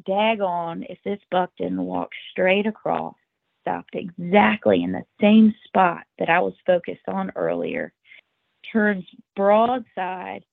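Woman podcast guest, husky and raspy, earnest storyteller, thin phone-line sound. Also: medium pitch, no room sound. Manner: earnest, emotional, tumbling restarts. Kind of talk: animated first-person storytelling. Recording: tinny phone-like line, dry.

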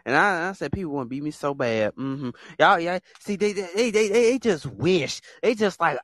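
A man hosting a casual monologue, talking in an animated, repetitive way and acting out other people in quick put-on voices. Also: a little high, no room sound. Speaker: podcast host.

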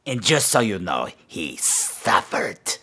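A man voicing a gleeful, vicious male gargoyle on a comedy podcast, gloating and swinging between shrill squeals and low growls. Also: animated, measured pace, sharp tone, heavily acted. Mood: menacing. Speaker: podcast host. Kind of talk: comedy podcast character monologue.

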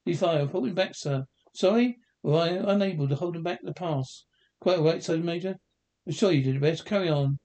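A man reading a film script aloud, voicing every part himself in quick back-and-forth exchanges. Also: on the high side, warm tone.

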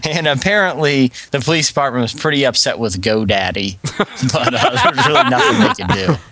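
Male podcast co-host, mid pitch, easy chuckle, retells quirky news in a dry studio sound. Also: sing-song, brisk, sharp tone, no room sound. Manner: chuckles often while retelling odd news. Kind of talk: casual podcast chat.

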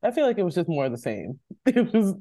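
A podcast co-host chatting casually, reacting with laughter and animated remarks. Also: medium pitch, fast talker, no echo. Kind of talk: casual chat.

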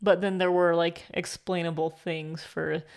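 A woman's voice: on the low side, level tone, measured pace, a little mellow. A young adult woman co-hosting a book club podcast, chatting casually with a giggly manner and lots of "like" fillers. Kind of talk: casual chat.

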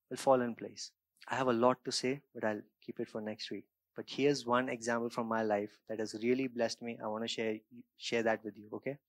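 A man preaching a sermon as pastor, moving between quiet reflective passages and raised emphatic points, checking in with "right?" and "okay?". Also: a little high, no room sound.

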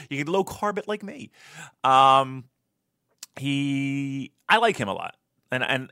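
Animated, swearing man with a bright voice. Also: vocal fry, no room sound, clean studio sound. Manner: animated, swears a lot, mimics his wife in a high voice. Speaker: podcast co-host. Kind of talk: casual chat, profane storytelling.

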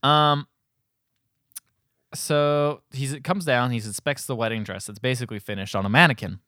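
A man's voice: medium pitch, moderate pace, pushed and bright, no room sound, studio quality. Casual rambling male podcast host. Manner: rambling, acts out quoted lines, laughs often. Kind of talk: casual film recap chat.

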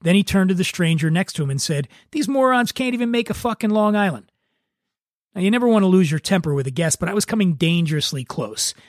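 A podcast host reads a first-person bar story in a relaxed, wry way. His voice sits a bit high for a man, and the close, dry sound has no room echo. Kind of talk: reading a story aloud.

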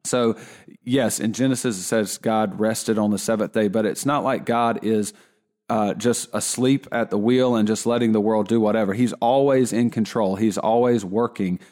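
A man giving a relaxed Bible lesson in a conversational way, often restarting his sentences. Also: on the low side, normal speed. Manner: conversational, with frequent restarts and fillers. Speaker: Bible teacher.

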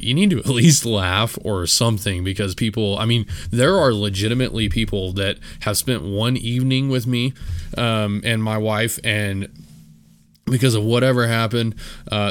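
A man's voice: lowish voice, a bit bright, smooth. A young man talking casually on his solo podcast, rambling with many fillers and restarts, and poking fun at himself. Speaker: podcast host.

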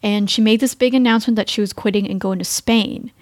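Female podcast host, medium pitch, dry sound, excitable and chatty. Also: fast, dry recording. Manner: bubbly, excited storyteller. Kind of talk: casual chat.

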